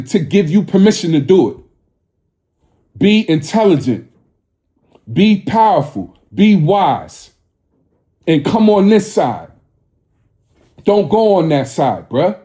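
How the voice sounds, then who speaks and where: A man's voice: high-pitched, big pitch swings, a little slow, pauses often, warm tone. A man in his forties delivering a confrontational, preachy monologue to his viewers, profane and scolding. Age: 40s. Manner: scolding, lecturing tone.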